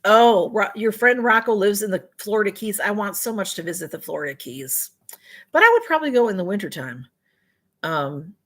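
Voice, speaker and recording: A woman chatting her way through a casual livestream, reading out viewer comments as they come in. She talks in a friendly, rambling way, often apologizing for falling behind the chat. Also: mid-range voice. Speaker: livestream host.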